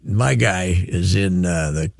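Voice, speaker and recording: A man's voice: low-pitched, slow pace, gravelly, no echo, studio quality. A man in his seventies trading teasing jokes in casual radio banter. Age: 70s. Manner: joking, teasing, chuckling. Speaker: radio show regular.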